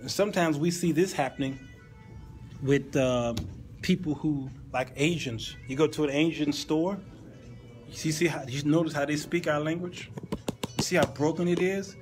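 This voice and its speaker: A man's voice: on the high side, normal speed, darkish tone, faint music behind, rough recording. A man hosting an informal Sunday school Bible lesson in a conversational way, often repeating and restarting words and making playful asides to his listeners.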